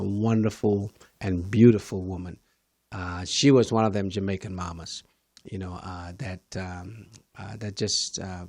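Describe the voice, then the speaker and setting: A man's voice: deep voice, no room sound. A man who is a pastor and talk show host, speaking in a rambling, effusive way while interviewing a guest. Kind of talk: interview conversation.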